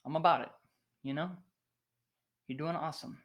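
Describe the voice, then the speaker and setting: A young man hosting a worship livestream in casual chat, excitable and thinking aloud with plenty of fillers. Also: a little high, normal speed.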